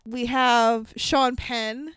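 A young woman co-hosting a casual movie podcast, animated and swearing freely. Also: on the high side, very slow, clear, resonant tone, no echo. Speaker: podcast co-host.

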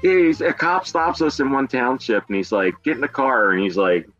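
A man's voice: medium pitch, normal speed, fairly bright tone, dull audio, faint music behind. A man from Philadelphia telling a story on a podcast as a guest, swearing and acting out every quote. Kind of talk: casual storytelling chat.

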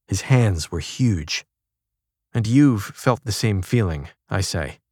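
A man narrating a magazine feature in a measured, even reading, shifting his tone a little for quoted lines. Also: on the low side, no echo, clean studio sound. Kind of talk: scripted narration.

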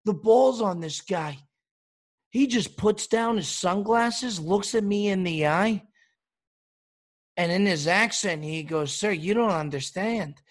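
A man with a husky, slightly high voice rants in mock outrage, hosting a comedy show. He keeps piling on the indignation with exaggerated complaints. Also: slow, pauses often. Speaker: comedic host. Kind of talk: comedic rant.

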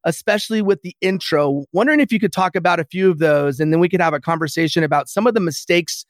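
A man hosting a podcast interview, asking measured, prompting questions. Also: fairly high pitch, no echo, clean studio sound. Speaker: podcast host.

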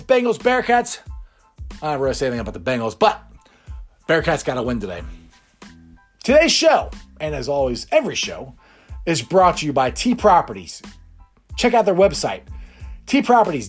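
A male sports show host talks in a loose, rambling way and chuckles often. His voice sits a bit high and swings widely in pitch. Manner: rambling and chatty, laughs often. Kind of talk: casual sports talk.

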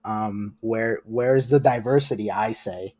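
A man's voice: fairly low pitch, a little slow, mellow, no room sound. A man in his late twenties, a comic artist guest in casual podcast chat, rambling and self-mocking and often restarting his sentences. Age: late 20s.

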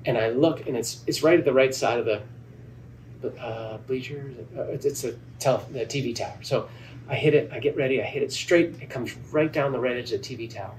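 A man, a golf club head pro, telling a lively story in a podcast interview and acting out the dialogue. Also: medium pitch, brisk. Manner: animated, acts out quoted dialogue. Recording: distant mic with faint background noise.

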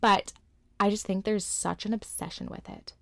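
A woman's voice: mid-range voice, steady tone, normal speed, vocal fry, dry recording. A young woman co-hosting a podcast, chatting in an emphatic, opinionated way. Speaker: podcast co-host. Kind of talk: casual chat.

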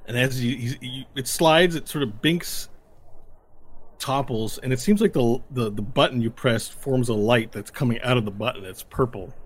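A man running a tabletop game as game master, narrating in lively, rambling descriptions. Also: medium pitch, moderate pace, breathy edge.

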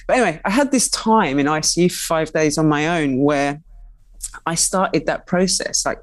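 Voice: mid-range voice, moderate pace, dry recording. Guest, mid-range voice, chatty and candid, dry close recording. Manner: expressive, chatty, full of "like" and asides. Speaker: guest, writer and cook. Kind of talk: candid conversational interview.

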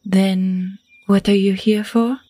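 A woman game master voicing a small, mousy woman who is cautious and guarded, with a soft, airy voice. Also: medium pitch, level tone, slow pace, no room sound, pitched above the performer's own voice. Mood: wary. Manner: polite but cautious.

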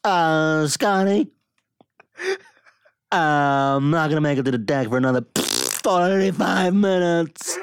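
A hammy, heroic starship captain who lurches between words with huge dramatic pauses, his voice climbing high and tight, as a man acts him out. The delivery swings widely in pitch, and the sound is dry and close. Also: clean tone, no echo, full character voice. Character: over-the-top heroic male starship captain, halting and melodramatic.

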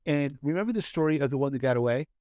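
A man's voice: medium pitch, animated, very fast, mellow, no echo, studio quality. A man from Southern California co-hosting a casual podcast, telling a story with many fillers and restarts. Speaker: podcast co-host. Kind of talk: casual chat.

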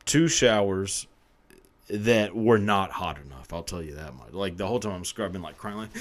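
A man's voice: lowish voice, huge pitch swings, takes it slowly. A man telling a confessional story on his podcast in a casual, rambling way, swearing freely and laughing often. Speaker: podcast host.

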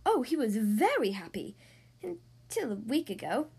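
Brief: a fretful, excitable king for a kids' storybook, read by a woman, high and pleading. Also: measured pace, gravelly, husky, full character voice. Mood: worried. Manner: raised, pleading and worried. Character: anxious, excitable male king.

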